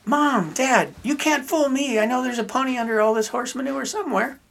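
A man telling a story voices a ten-year-old boy who always sees the bright side, speaking with excited insistence. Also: sits high, a little fast, vocal fry, voice pushed up. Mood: gleeful. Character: cheerful boy of about ten, ever optimistic.

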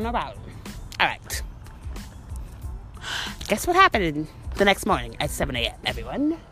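A woman's voice: medium pitch, sharp tone. Heated, profane woman ranting animatedly. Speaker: podcast host. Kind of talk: ranting monologue.

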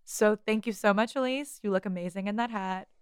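Smooth-voiced woman podcast host, dry humor. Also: mid-range voice, a little fast, dry recording. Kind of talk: casual chat.

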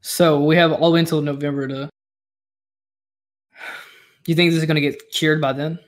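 A man's voice: on the high side, little pitch movement, normal speed. A tipsy man in a casual chat with a friend, rambling with lots of filler words and giggling.

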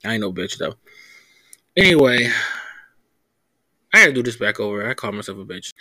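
A man's voice: on the low side, very animated, moderate pace, bright, forceful tone, no room sound. A young man hosting a podcast, rambling casually and profanely, often stumbling over his words. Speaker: podcast host.

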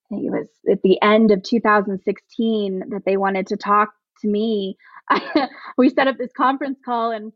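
A woman's voice: medium pitch, steady tone, moderate pace, no echo, dull audio. A woman speaking as a podcast guest about her advocacy, earnest and emotional, talking in long runs with many restarts. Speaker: podcast guest, plus-size pregnancy advocate. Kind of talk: conversational interview.

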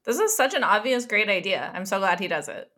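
A woman's voice: mid-range voice, expressive, a little fast, sharp tone. A woman co-hosting a podcast, making dry, skeptical comments during a casual TV recap. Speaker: podcast co-host.

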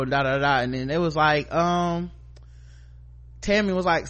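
A man hosting a podcast, recapping a TV episode in a casual, joking, animated way. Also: fairly high pitch, measured pace, long pauses. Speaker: podcast host.

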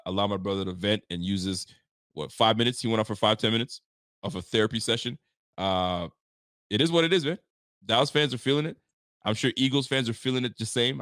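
A man's voice: lowish voice, a bit bright, no room sound, clean studio sound. A man hosting a casual sports talk show, teasing and often laughing. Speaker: podcast host.

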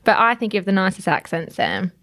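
A woman's voice: mid-range voice, big pitch swings, fairly bright tone. Giggly Australian woman chatting. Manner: chatty, laughs often, quick asides. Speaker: podcast guest. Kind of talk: casual chat.

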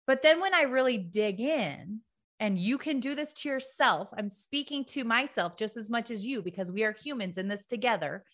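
A woman's voice: a little high, expressive, moderate pace. A woman giving a direct, emphatic tough-love motivational talk to her followers, full of repetition. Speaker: motivational speaker.

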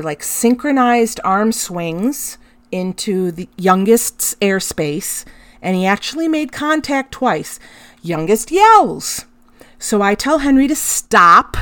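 A middle-aged woman tells a personal story on her podcast, candid and emotional, cursing freely as she goes. She speaks slowly, with plenty of pauses. The recording is dry and close, with no room sound. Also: medium pitch, fairly bright tone, dry recording. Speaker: podcast host.

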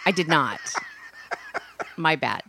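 A woman producing and co-hosting a casual sports talk show, answering the host in quick banter. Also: low voice, lively intonation, background noise.

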